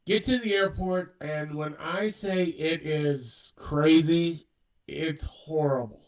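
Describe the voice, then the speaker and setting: A man with a fairly high voice tells a rambling story in casual chat and acts out the dialogue as he goes. He sits a little back from the mic. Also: slow, far from the mic, poor audio. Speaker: co-host.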